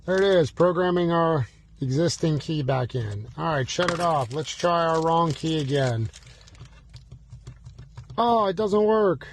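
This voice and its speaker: Sitting in the driver's seat, an automotive locksmith with a slightly higher male voice demonstrates programming car keys at normal speed, narrating every button press. He throws in playful, fretful exclamations as if panicking, and a faint hiss of noise runs under the recording.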